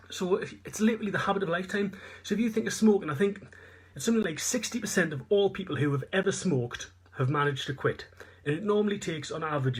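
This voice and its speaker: Man, Northeast English accent, fitness coach, seminar talk, slightly high, husky, earnest. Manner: earnest, repetitive explaining with fillers. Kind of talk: live online seminar talk.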